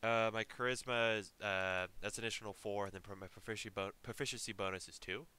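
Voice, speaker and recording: A man's voice: on the low side, steady tone, fast talker, sharp tone, a little hiss or hum. A man playing a tabletop game, chatting in an easygoing, slightly unsure way. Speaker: player. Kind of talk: casual chat during a tabletop game.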